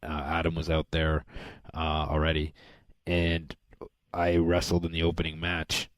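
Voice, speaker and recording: With an extremely low pitch and a measured pace, this man co-hosts a podcast on a dry recording. He animatedly tells stories in casual conversation, voicing the quotes of the people involved.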